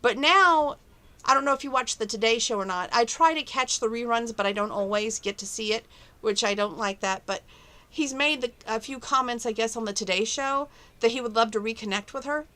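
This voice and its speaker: A woman's voice: on the high side, brisk, bright, forceful tone. A woman chatting to camera from her bedroom at home, rambling and opinionated about relationships and her plans. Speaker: vlogger. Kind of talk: casual chat to camera.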